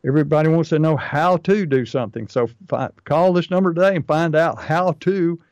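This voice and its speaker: A man co-hosting a talk show, pressing his business advice with emphatic repetition. His voice sits a little high. The recording is dry and slightly dull, with no room sound. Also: brisk, darkish tone, no room sound. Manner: emphatic and repetitive, drives points home.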